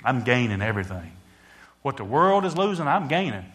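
This sermon comes from a male preacher with a medium-pitched, sing-song voice and a brisk pace. He swells in volume, drops soft, and calls out to the congregation.

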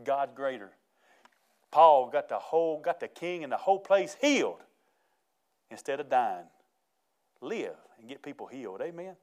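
Animated preacher man. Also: mid-range voice, normal speed. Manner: folksy, animated preaching with laughter. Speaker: pastor. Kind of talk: sermon.

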